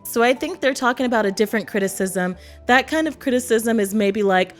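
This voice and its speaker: A woman's voice: mid-range voice, fairly quick, hardly any pauses, faint music behind. A woman from East Texas talking casually to the camera as a vlogger, laughing often and acting out quotes. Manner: chatty, laughs often, acts out quotes in other voices.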